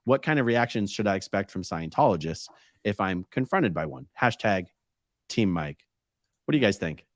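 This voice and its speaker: A man co-hosting a casual live stream, reading viewer comments aloud and thinking out loud. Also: fairly low pitch, animated, normal speed, dry recording, clean studio sound. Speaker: co-host reading chat questions.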